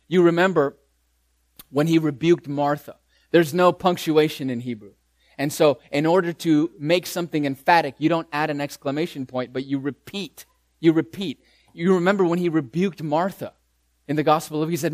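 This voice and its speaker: A male pastor preaching a sermon, deliberate and emphatic, dropping to soft words and repeating phrases for weight. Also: on the high side, dry recording. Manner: slow, deliberate preaching with dramatic soft drops and emphatic repetition.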